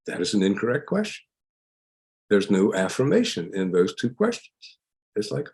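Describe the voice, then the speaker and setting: Older gravelly-voiced man, lively delivery. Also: lowish voice, normal speed, pauses often. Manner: lively, emphatic, laughs while explaining. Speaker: psychologist guest. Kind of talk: lecture-style interview answers.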